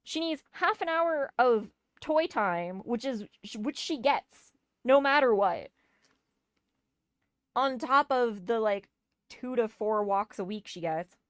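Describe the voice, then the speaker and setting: A woman's voice: a little high, animated, takes it slowly, dry recording, clean studio sound. A woman streamer telling a storytime rant, exasperated and swearing as she mocks a neighbor.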